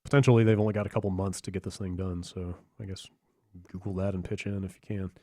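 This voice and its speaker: A man in his podcast seat, speaking in a low voice with a meandering, hesitant delivery. His talk is full of "uh" and restarts. The sound is dry and close. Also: steady tone, fast talker, warm tone, dry recording. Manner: rambling, hesitant with many fillers. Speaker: podcast co-host. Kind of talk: casual chat.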